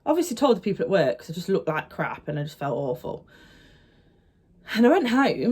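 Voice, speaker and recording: A woman's voice: fairly low pitch, a little fast, long pauses, slightly rough. Chatty young woman vlogging. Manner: chatty, animated retelling with acted-out quotes. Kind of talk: casual storytelling to camera.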